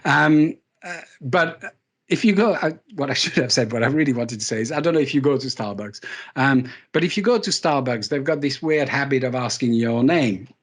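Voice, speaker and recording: A man's voice: medium pitch, expressive, normal speed, husky. A man giving a live leadership talk to an audience, telling stories with self-deprecating humour and repeating key words for emphasis. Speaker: keynote speaker.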